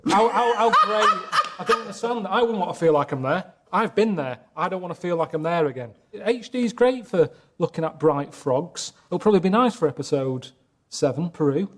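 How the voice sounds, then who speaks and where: A man chatting casually in a deadpan, rambling way, moaning about his travels. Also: high voice, brisk. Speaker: guest on a comedy travel show. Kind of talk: casual comedic chat.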